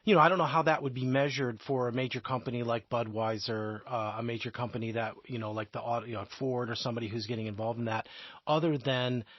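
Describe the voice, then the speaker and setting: Husky-voiced man co-hosting a podcast. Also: mid-range voice, dry recording, muffled recording. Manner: self-deprecating, tells dad jokes. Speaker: podcast co-host. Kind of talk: casual podcast chat.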